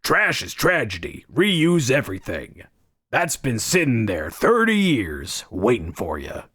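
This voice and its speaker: A man's voice: medium pitch, wildly swooping pitch, unhurried, fairly bright tone, breathy edge, dry recording, clean studio sound, exaggerated voice. A man doing a rusty robot junk-shop keeper. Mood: fond. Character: rusty robot junk shopkeeper, thrifty and fond.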